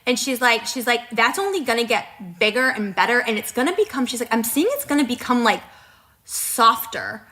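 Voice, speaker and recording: A woman in her thirties co-hosts a podcast in a casual, rambling chat, full of fillers and retold dialogue. Her voice is bright and a little high. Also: lively intonation, normal speed. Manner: chatty, many fillers and quoted dialogue. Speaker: podcast co-host.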